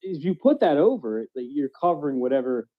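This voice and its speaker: A man's voice: fairly high pitch, big pitch swings, brisk. Rambling blunt man, faint Philly accent. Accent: faint Philadelphia. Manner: rambling, blunt, swears casually. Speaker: podcast co-host. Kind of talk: casual chat. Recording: dull lo-fi sound.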